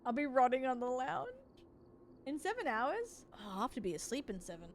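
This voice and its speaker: A woman's voice: high-pitched, very animated, a little fast, slight background noise. A young woman, chatting casually and rambling with her stream viewers from home. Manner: rambling, chatty, laughs often.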